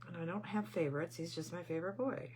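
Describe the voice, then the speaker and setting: A woman's voice: on the low side, quick pace, darkish tone, slight background noise. A middle-aged woman hosting a craft channel, chatting casually on a live stream and telling rambling family stories. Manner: greets viewers mid-story.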